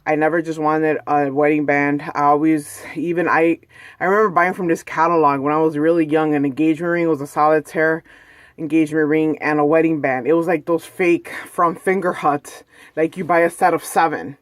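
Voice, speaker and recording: A woman's voice: low-pitched, steady tone, a little fast, dry recording, studio quality. Chatty woman rambling through a story. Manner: chatty and rambling, with frequent "like" and "you know". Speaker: vlogger. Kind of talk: casual personal storytelling vlog. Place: at home, indoors.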